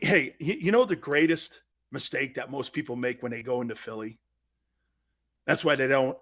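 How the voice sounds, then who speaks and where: A man's voice: fairly high pitch, a bit bright. A man hosting a sports talk show in a blunt, profane, mocking monologue, laughing often.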